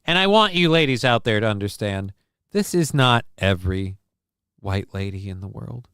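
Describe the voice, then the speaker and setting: A man from the American Midwest hosts a casual livestream, joking and rambling as he comments on the news. His voice is fairly low, animated, and fairly bright, with a clear, resonant tone at a moderate pace. The recording is dry, with clean studio sound.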